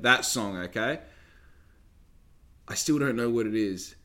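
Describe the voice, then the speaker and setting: A man's voice: medium pitch, a little slow, long pauses. Swearing young Australian man ranting. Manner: animated, swearing, tangents, rhetorical questions. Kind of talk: casual storytelling monologue.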